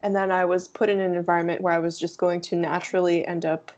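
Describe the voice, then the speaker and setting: A woman's voice: fairly low pitch, flat delivery, fast talker, darkish tone. A young woman, a native Russian speaker, chatting as a guest in a casual video interview, talking with lots of "like" fillers. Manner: chatty, laughs often, many "like" fillers. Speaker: guest, language YouTuber.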